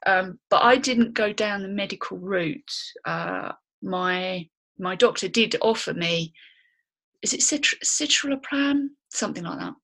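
A woman co-hosts a podcast with a mid-range, slightly bright voice, talking at an unhurried pace. She's candid, chatty and blunt in this casual conversation, with the occasional swear word.

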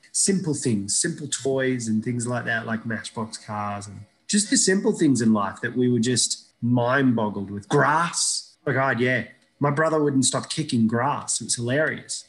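A man from Iraq, a guest in an interview, telling stories in a lively, casual way and often checking in with "right?". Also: medium pitch. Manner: animated storyteller who tags lines with "right?". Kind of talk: casual storytelling chat.

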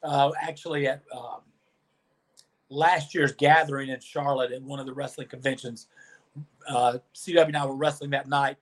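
A man's voice: medium pitch, moderate pace. A man guesting on a podcast who tells long stories from his past and acts out what others said along the way. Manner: animated storyteller, acts out quoted dialogue. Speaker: podcast guest, former pro wrestler. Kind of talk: storytelling interview answers.

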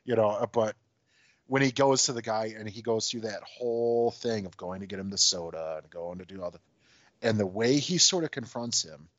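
A man chatting casually about a film, relaxed and hedging with "you know" and "sort of", swearing now and then. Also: on the low side, moderate pace, no room sound. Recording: dull, dry lo-fi mic.

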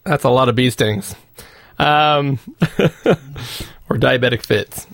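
Upbeat man with a gravelly voice. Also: medium pitch, takes it slowly, a bit bright, no room sound, studio quality. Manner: jokey, upbeat, reads listener feedback. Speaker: podcast co-host. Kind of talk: casual chat.

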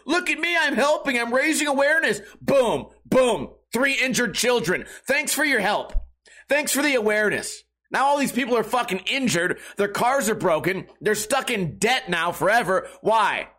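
A man's voice: high voice, sharp tone. Rambling, profane young man talking casually. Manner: rambling, profane, sarcastic storytelling. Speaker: podcast host. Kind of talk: casual monologue.

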